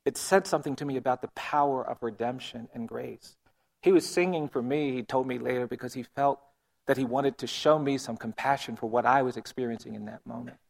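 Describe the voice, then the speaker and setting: Man, mid-range pitch, gravelly texture; earnest, measured storyteller. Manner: earnest, measured, often quiet. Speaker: speaker telling a personal story. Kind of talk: storytelling talk.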